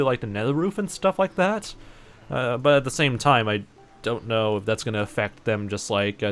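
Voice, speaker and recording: A young man with a New Zealand accent and a sore throat, rambling casually with lots of fillers and mock exasperation while streaming a game. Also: fairly low pitch. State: sore throat and stuffy nose. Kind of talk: casual live-stream chat while gaming.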